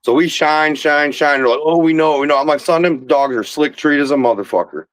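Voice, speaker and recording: A man's voice: a little high, brisk, a bit bright, dry recording, poor audio. A man hosting a podcast, telling a rambling, profane hunting story with laughs, in a casual chat. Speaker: podcast host.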